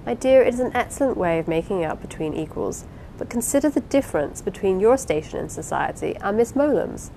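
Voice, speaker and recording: A reserved young husband lectures in measured, formal phrases, gently reproving, as a woman reads his lines. The voice stays in an ordinary middle range. A faint low rumble sits under the audiobook recording. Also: lively intonation, creaky, poor audio. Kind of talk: audiobook character reading.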